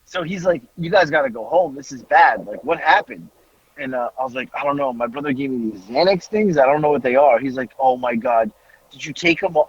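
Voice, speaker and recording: A man, a podcast host telling a story in a casual, animated way, laughing and swearing freely. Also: fairly high pitch, breathy edge, lo-fi sound.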